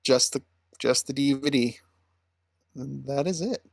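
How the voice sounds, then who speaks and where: A man co-hosting a casual movie podcast, speaking in brief, halting remarks. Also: mid-range voice, creaky, a crowd in the background. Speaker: podcast co-host.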